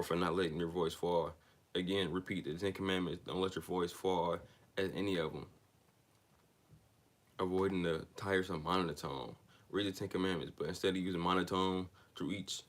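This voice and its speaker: A man reading a self-help book aloud, stumbling and restarting on words, then drifting into loose, slangy asides. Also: sits low.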